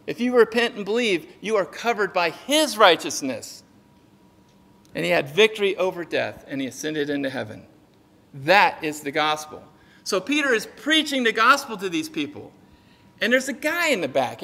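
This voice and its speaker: Lively, animated preacher in a reverberant hall. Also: male voice, high-pitched, normal speed, vocal fry. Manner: lively, jokey preaching with acted-out dialogue. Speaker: pastor. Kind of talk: sermon. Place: church sanctuary.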